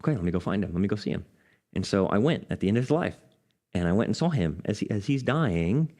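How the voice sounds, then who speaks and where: A man pastor, teaching a Bible study and telling a personal story, dropping low and soft at solemn moments. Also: big pitch swings, quick pace. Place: church.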